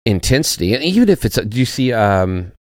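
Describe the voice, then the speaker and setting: A man's voice: mid-range voice, big pitch swings, brisk, darkish tone, no room sound, studio quality. A man talking as a podcast guest in casual chat, laid-back and profane, searching for his words. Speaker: podcast guest, actor and former soldier.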